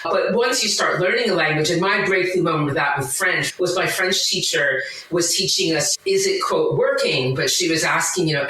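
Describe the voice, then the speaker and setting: Bright-voiced woman in an echoey room. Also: low voice, fairly quick, far from the mic. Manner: enthusiastic, full of asides and tangents. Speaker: podcast guest. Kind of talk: conversational explaining.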